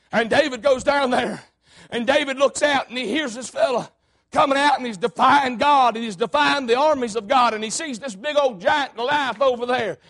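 A preacher, giving a fervent sermon, often shouting, with a folksy storytelling manner. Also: male voice, very high-pitched, moderate pace.

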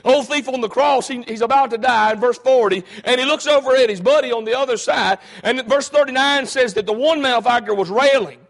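Male preacher, very high pitch, calm explaining that climbs to impassioned shouting, talks straight to the pews. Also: a little fast. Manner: builds from calm explaining to loud, fervent preaching with calls of "hey"; frequent fillers and restarts, rhetorical questions to the congregation. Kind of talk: sermon.

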